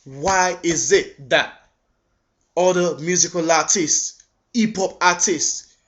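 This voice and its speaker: Indignant and taking his time, a vlogger answers back on video with rhetorical questions, stumbling over words he repeats. His voice is fairly high and a bit bright, captured by a webcam in dull lo-fi sound.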